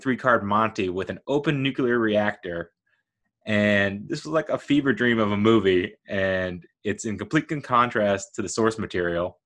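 A young man hosting a solo podcast, talking in an excitable, rambling way with lots of fillers and restarts. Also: on the low side. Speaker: podcast host.

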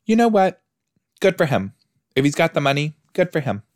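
A man's voice: a little high, big pitch swings, moderate pace, no echo, studio quality. Joking man talking back at the screen. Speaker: podcast host. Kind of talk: episode watch-along commentary.

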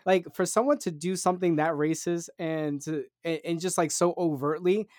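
A man musing aloud in a casual podcast chat, his voice slightly high. He works up to strong points. The sound is dry. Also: fairly even intonation, moderate pace, darkish tone, dry recording.

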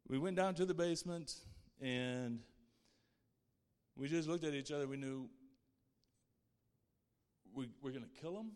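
A man's voice: on the high side, a little slow, pauses often, a little mellow, clean tone. Earnest man's testimony in a reverberant hall. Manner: earnest and heartfelt, speaking of faith. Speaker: guest speaker sharing his testimony. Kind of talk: personal faith testimony.

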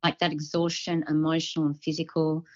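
A woman co-hosting a health podcast, explaining symptoms from her clinical work in a relaxed chat and acting out what patients say. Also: low-pitched, brisk, lo-fi sound. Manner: explanatory, acts out patients' quotes. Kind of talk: casual chat.

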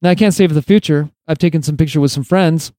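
A man's voice: a little high, fast, warm tone, dry recording. A male podcast host delivering opinionated solo commentary, sarcastic and emphatic, lecturing his listeners.

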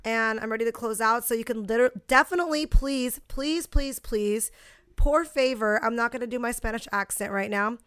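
A young woman co-hosts a casual podcast in a smooth, fairly high voice. She talks bluntly, swears freely and tells stories with animation. The sound is close and dry. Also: a little fast, few pauses, a bit bright, no room sound. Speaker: podcast co-host. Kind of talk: casual chat.

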